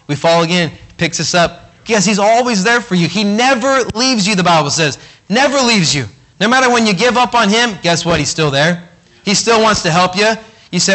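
Guy in his thirties preaching, chatty, bright tone. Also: high voice, animated, normal speed. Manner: conversational preaching, acting out quoted voices. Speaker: pastor. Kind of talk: sermon.

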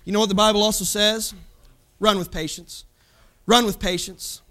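Male lay preacher, strikingly high pitch, fervent sermon delivery, repeats his rhetorical questions. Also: fairly even intonation, moderate pace, bright, forceful tone. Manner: calls congregation "folks".

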